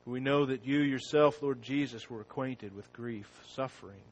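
A man preaching a sermon. He opens with a prayer, then reads scripture slowly and with rising force. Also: mid-range voice, highs cut off, a little hiss or hum. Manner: slow and deliberate, rising loud when reading scripture.

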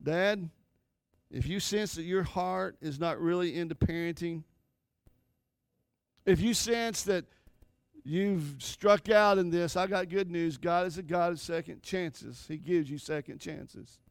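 Male pastor, middle-aged, high voice, fervent sermon, dry close sound. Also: unhurried, gravelly, clean tone, no echo. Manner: impassioned preaching, rising and falling emphasis.

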